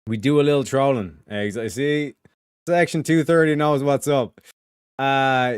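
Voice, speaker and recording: A man's voice: medium pitch, a little slow, clear, resonant tone, no echo, studio quality. A man chatting casually on a livestream, rambling and swearing, with a lot of filler phrases, talking to his viewers from a home setup. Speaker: streamer.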